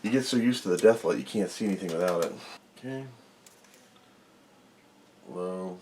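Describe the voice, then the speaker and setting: A man's voice: sits low, moderate pace, warm tone, slight background noise. Rambling man at a repair bench. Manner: rambling, self-mocking, mutters while working. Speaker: electronics repair host. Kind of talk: casual workbench narration.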